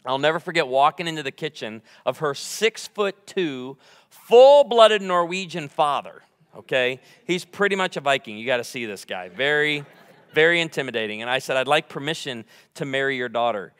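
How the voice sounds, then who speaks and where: A man's voice: mid-range voice, animated, moderate pace, a bit bright, clean tone, big-room sound. A man in his forties giving a humorous sermon in a church, bantering playfully with the congregation. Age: 40s. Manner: joking, playful crowd banter. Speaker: guest preacher. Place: church sanctuary before a congregation.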